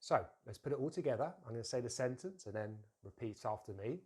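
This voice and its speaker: Man teaching pronunciation, deliberate and clear. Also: medium pitch, lively intonation, mellow. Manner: slow, deliberate modelling of words with drills to repeat; explains plainly with frequent fillers and restarts. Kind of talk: pronunciation lesson.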